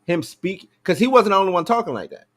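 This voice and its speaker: A man's voice: sits high, very animated, fast, fairly bright tone. A man hosting a live chat show, talking loosely and joking, full of slang and fillers. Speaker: podcast host. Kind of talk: casual chat.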